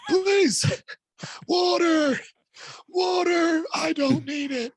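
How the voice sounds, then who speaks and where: Frail old man's high cry. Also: drawn-out words, exaggerated voice. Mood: pleading. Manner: high quavering pleading cry. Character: frail elderly man begging for water.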